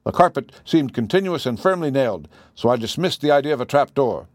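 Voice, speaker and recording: A man reading the lines of a keen, methodical detective, measured and explaining. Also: medium pitch, lively intonation, no echo, clean studio sound, voice pushed up, close to an everyday voice. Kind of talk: audiobook dialogue reading.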